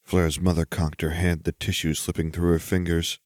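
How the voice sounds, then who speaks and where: Male narrator, low voice, steady measured storytelling; dry, close audiobook read. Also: dry recording. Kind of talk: audiobook reading of fan fiction.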